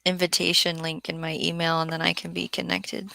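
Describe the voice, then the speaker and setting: A woman co-hosting a casual live stream, teasing her co-host with quick banter. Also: fairly low pitch, completely flat delivery, vocal fry, sharp tone, no echo, poor audio. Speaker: livestream co-host.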